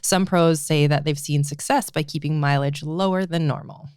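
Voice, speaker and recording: Female co-host, low voice, lightly reading questions, dry sound. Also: fairly even intonation, moderate pace, darkish tone, clean tone, dry recording.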